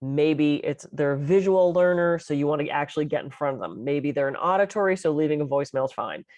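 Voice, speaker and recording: A middle-aged woman co-hosts a podcast in relaxed, chatty talk. Her voice sits a little low for a woman and comes across dry and close. She tells stories in an animated, expressive way. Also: quick pace, no echo. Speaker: podcast co-host. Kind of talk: casual podcast chat.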